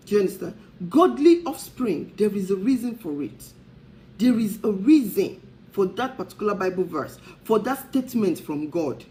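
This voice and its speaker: A woman's voice: mid-range voice, big pitch swings, normal speed, warm tone, a little hiss or hum, rough recording. A woman, a talk show host, speaking in an impassioned preaching style and firing off repeated rhetorical questions.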